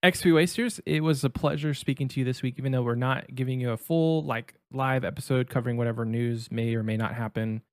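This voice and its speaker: A man's voice: mid-range voice, fairly even intonation, brisk, hardly any pauses, no room sound. Easygoing male co-host, dry sound. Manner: easygoing, advising, laughs often. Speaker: podcast co-host. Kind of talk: casual chat and show sign-off.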